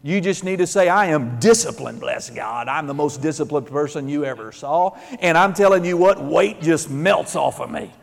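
A man preaching a sermon, animated, acting out quotes and rising to shouts. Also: a little high, normal speed, vocal fry, hardly any pauses. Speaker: pastor. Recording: long hall reverb.

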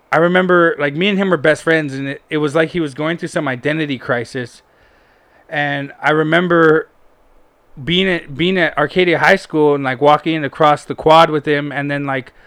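A young man spins a meandering story from his school days, swearing freely and leaning on fillers. His voice sits a bit high and sounds smooth and resonant. He is recorded close-up in a dry, quiet room. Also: dry recording. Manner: rambling, profane, full of fillers. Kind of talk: casual storytelling chat.

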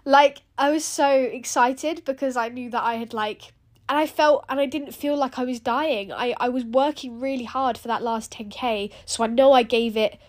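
A woman's voice: a little high, normal speed. A young woman hosting a running podcast, chatting casually and animatedly with lots of "like" fillers. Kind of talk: casual solo chat.

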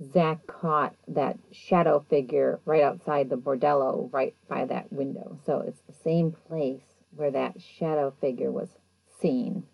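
A woman's voice: low voice, creaky, dry recording, highs cut off. A woman hosting a podcast, recapping an episode in a casual, chatty way and acting out the people in it. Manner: chatty, animated retelling with quoted voices. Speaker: podcast host.

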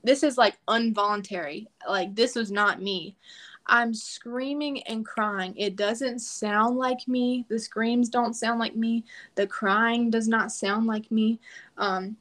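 A woman's voice: on the high side, steady tone, takes it slowly, a bit bright. A woman guest on a podcast, telling a personal story in a casual, emphatic way and acting out quoted prayers.

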